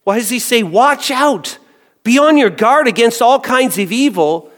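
Preacher in a reverberant hall. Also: male voice, very high-pitched, expressive, a little slow. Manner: swings from hushed to loud exclamations. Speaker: pastor. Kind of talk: sermon.

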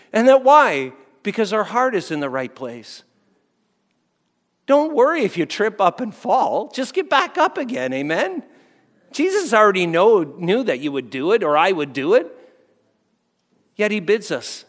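High-voiced pastor preaching in an echoing hall. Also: male voice, big pitch swings, moderate pace, a bit bright. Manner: conversational, repeats phrases, asks the crowd "right?". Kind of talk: sermon. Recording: long hall reverb.

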